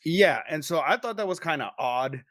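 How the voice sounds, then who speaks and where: Profane, animated male podcast storyteller. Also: fairly high pitch, normal speed, dry recording, clean studio sound. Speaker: podcast co-host.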